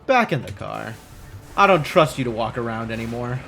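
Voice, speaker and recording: Wry, animated male game streamer. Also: mid-range voice, normal speed, vocal fry, faint music behind. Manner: wry, sarcastic asides to himself. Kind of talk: casual live gameplay commentary.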